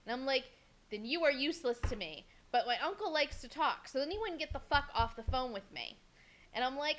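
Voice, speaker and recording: A young woman co-hosting a podcast, telling a story in a casual, animated way, swearing freely and acting out what people said. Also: high-pitched, brisk. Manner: animated, swears a lot, acts out quotes. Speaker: podcast co-host.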